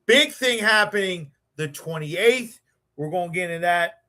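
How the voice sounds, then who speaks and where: A man hosting his live stream, hyped up and emotional, stammering and repeating words as he warms up the show. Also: sits high, lively intonation, measured pace. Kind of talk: excited live-stream chat.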